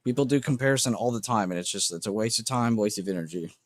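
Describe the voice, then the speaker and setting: A man's voice: lowish voice, quick pace, no room sound. A man hosting a trading livestream, talking in a blunt, emphatic, unscripted way, swearing often and repeating points.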